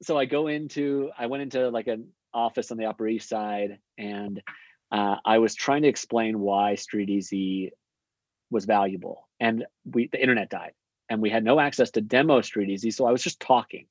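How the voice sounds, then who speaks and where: A man's voice: lowish voice, no echo. Young male guest, storytelling with fillers, dry dull lo-fi audio. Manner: quick, chatty, lots of fillers. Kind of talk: casual storytelling. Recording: dull lo-fi sound.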